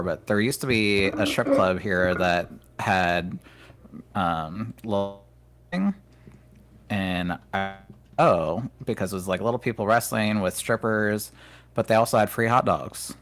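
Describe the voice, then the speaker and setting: A man in a podcast chat, telling a rambling anecdote with pauses. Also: lowish voice. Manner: rambling, hesitant storyteller. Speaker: podcast co-host. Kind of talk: casual chat.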